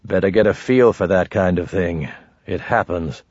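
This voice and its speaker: Guy doing a grumpy old wizard dad, mutters low and short, kinda husky, dull dry sound. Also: moderate pace, a little mellow, dry recording. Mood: gruff muttering. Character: aging male wizard, a gruff, wary father.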